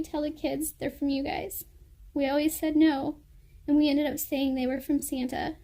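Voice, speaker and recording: A woman's voice: sits high, flat delivery, normal speed, dark tone. A woman in her thirties reading a personal letter aloud in an earnest, heartfelt way. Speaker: vlogger.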